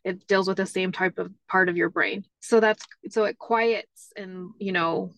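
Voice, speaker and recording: A woman's voice: mid-range voice, fairly even intonation, unhurried, a bit bright, dry recording. A woman guest telling family stories in a casual chat, leaning on "like" and "you know" as she talks. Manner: chatty, many "like" fillers. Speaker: interview guest.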